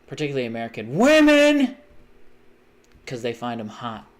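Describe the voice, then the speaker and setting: A man's voice: mid-range voice, wildly swooping pitch, moderate pace. Rambling, self-mocking male streamer. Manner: rambling, self-mocking, makes odd repeated mouth noises. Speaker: live streamer. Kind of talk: casual live-stream chat while gaming.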